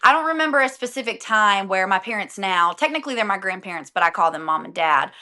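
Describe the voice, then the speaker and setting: A woman's voice: medium pitch, lively intonation, fast talker, sharp tone. A young adult woman, a singer and guest on an interview podcast, talking casually and animatedly, often laughing.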